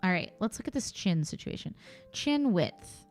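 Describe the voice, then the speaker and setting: A woman's voice: mid-range voice, sing-song, moderate pace, faint music behind. A woman streaming in casual, chatty commentary, thinking aloud with playful asides.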